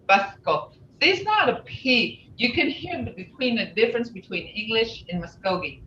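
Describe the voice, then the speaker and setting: A woman teaching a language class over a video call, slowly repeating sounds for learners to copy. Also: mid-range voice, pushed and bright, a little hiss or hum. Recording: dull roomy video-call audio.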